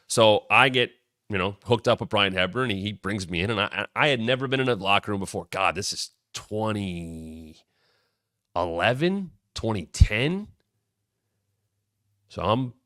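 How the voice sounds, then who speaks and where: Forceful, animated storyteller man in his thirties. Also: on the low side, no echo, clean studio sound. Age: 30s. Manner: animated, acts out quoted lines with sudden loud jumps; rambling, with frequent restarts and asides. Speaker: show host. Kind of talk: casual storytelling.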